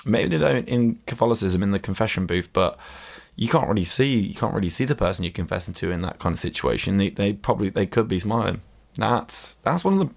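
A British man hosting a comedy podcast, reading from a book with rambling, sarcastic asides. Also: lowish voice. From Britain. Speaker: podcast host.

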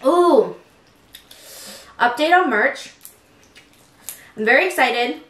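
Young woman chatting between bites at her table, excitable, roomy echo. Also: medium pitch, normal speed. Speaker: mukbang host. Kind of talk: casual eating-show chat.

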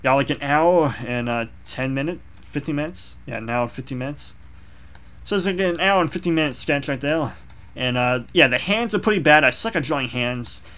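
A man's voice: on the high side, animated, moderate pace, sharp tone. Young man, casual drawing vlogger, rambling and self-deprecating. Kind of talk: casual commentary over a drawing.

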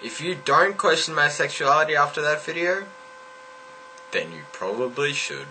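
A young man talks to camera in a casual vlog, low-key and mumbling with deadpan asides. His voice sits a little high and sounds very bright. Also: moderate pace, slight background noise, low-quality recording. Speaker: vlogger, regular of a group channel.

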